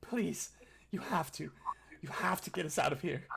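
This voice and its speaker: A man's voice: on the high side, moderate pace, creaky, noisy background, pitched above the performer's own voice. A man voicing a frantic chained prisoner begging. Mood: sobbing plea. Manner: frantic, pleading, repeating itself. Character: desperate battered male prisoner in chains.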